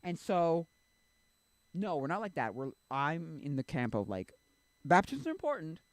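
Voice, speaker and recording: A man's voice: fairly high pitch, a little slow, no room sound. A man streaming, talking casually about faith in a rambling way, often stopping and restarting his sentences and acting out quotes with sudden lift. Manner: rambling, self-interrupting, many fillers; animated when acting out quotes.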